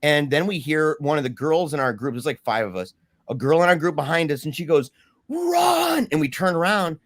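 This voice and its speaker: A man guest telling a story in casual talk, animated, with many restarts and fillers. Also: a little high, fast, dry recording.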